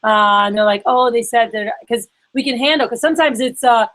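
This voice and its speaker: A woman's voice: on the high side, brisk, a bit bright, low-quality recording. Chatty woman coaching a sales team. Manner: chatty, acts out phone calls in quoted voices. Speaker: sales trainer. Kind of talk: casual workshop coaching.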